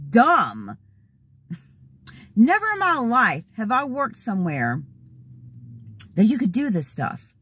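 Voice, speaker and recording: Woman vlogger, hoarse and husky, lively rising and falling voice, dry close sound, venting. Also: mid-range voice, dry recording. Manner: worked up, exasperated, laughing asides. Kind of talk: casual venting vlog. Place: in a car, then at home.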